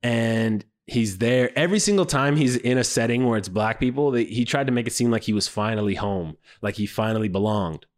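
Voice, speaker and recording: A man reviewing a series in a loose, joking way, swearing freely and mocking what he saw. His voice sits in an ordinary middle pitch but leaps high when he does impressions. He talks in a lively, conversational way. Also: a little fast, few pauses. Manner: animated, profane, mocking, jumps into high squeaky voices when quoting. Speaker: show reviewer. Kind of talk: casual comedic commentary.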